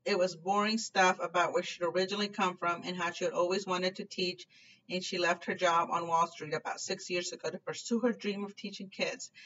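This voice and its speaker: A woman reading a children's novel aloud in a clear, expressive storytelling manner. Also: on the low side. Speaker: book reader. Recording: distant dull lo-fi recording, faint noise.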